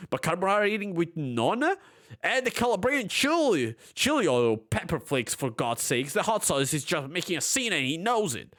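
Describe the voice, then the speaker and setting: A man's voice: high voice, sing-song, moderate pace, a bit bright. A young man streaming from his room at home, reading forum posts aloud and breaking into heated, profane rants.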